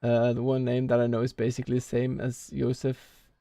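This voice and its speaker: A man's voice: medium pitch, completely flat delivery, brisk, creaky, mellow, no room sound. A man streaming a speedrun, rambling casually and thinking aloud with lots of filler words. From Norway. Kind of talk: casual live-stream chat while playing.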